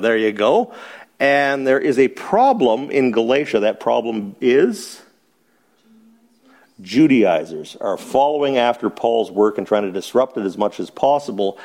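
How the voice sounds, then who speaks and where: Male Bible teacher, conversational, chuckles often, mid-pitched, poses rhetorical questions to a small group. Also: expressive, measured pace, darkish tone. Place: church meeting room with a small group.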